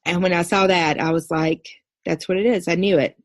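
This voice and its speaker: A woman in her thirties, a podcast guest, earnestly telling a personal story in a steady recounting way. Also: lowish voice, brisk, no echo. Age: 30s. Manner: earnest, steady recounting with brief quoted dialogue.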